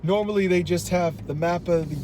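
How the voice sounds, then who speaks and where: A man's voice: high voice, fairly quick, warm tone. An American man hosting casual chat on a car ride, rambling and laughing often. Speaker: show host. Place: inside a car. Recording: road noise in a car.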